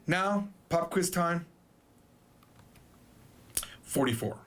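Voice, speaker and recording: Male language teacher, casual and playful, lively swings in pitch. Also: extremely slow. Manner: playful, joking, chatty. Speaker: Japanese teacher. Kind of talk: casual video lesson.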